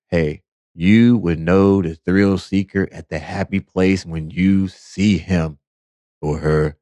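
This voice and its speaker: A man's voice: low voice, fairly even intonation, slow pace, dark tone, no room sound. A man hosting a podcast and giving a preachy, emphatic monologue full of repetition. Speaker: podcast host. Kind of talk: motivational monologue.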